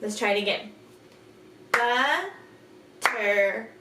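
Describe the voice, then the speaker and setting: Woman, kindergarten teacher; very slow, drawn-out delivery, a touch high, recorded off-mic in an echoey room. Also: lively intonation, recorded from a distance. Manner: slow, drawn-out, exaggerated sounding-out of letters and words; patient, encouraging teacher talk with questions to the listener. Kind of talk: recorded phonics lesson for young children. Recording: echoey room, off-mic, faint background hiss.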